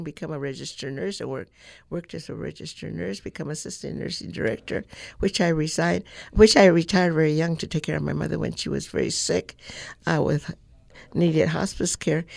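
A woman in her eighties from California, a radio interview guest recounting childhood memories in a reflective, halting way. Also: deep voice, gravelly, a little mellow, no echo. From California, United States. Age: 80s. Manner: storytelling, reflective, halting with fillers. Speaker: guest, civil rights activist.

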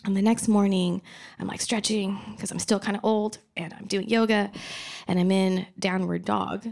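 A woman's voice: medium pitch, flat delivery, moderate pace, vocal fry, a little mellow. A young woman telling a comic personal story at a live storytelling event, chatty and laughing often.

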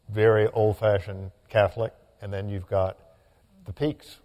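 A low-pitched man hosting a radio interview, his dark, mellow tone easy and conversational. A long reverb trails his voice. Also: little pitch movement, a little slow. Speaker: radio host. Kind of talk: interview questions.

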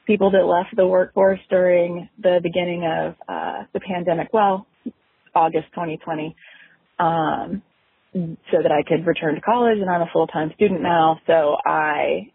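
A woman leaving a friendly, slightly halting voicemail message for a podcast, recorded over the phone. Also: on the low side, fairly even intonation, creaky, husky, dry recording, narrow, tinny audio. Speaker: voicemail caller.

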